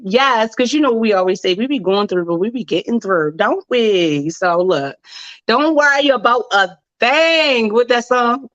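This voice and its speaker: A woman hosting an internet radio talk show in a casual, animated way, playful catchphrases and a spoken prayer. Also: fairly high pitch, normal speed, no echo, muffled recording. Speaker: host.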